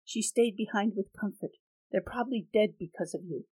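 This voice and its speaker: A woman voicing a young man who stammers and shouts accusations in an audiobook reading. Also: medium pitch, normal speed, husky, natural voice. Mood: accusing. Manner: stammers when upset, loud and accusing.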